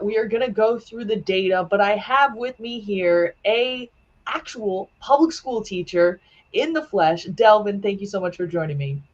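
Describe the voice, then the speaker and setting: A woman hosting a casual interview over a video call, chatty and playful, laughing often. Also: mid-range voice. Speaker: host. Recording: dull lo-fi sound.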